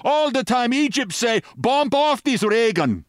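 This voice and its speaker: A man doing a shrill, shouting foreign henchman. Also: very animated, a little slow, clean tone, no room sound, studio quality, exaggerated voice. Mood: agitated shouting. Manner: broken English, loud outbursts.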